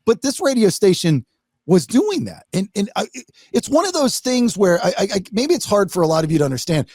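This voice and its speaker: A man hosting a podcast, telling stories in a lively way and acting out what people said, with some swearing. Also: high-pitched, brisk, dry recording, clean studio sound. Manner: animated storytelling, swearing, acts out quotes. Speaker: podcast host. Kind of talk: casual podcast chat.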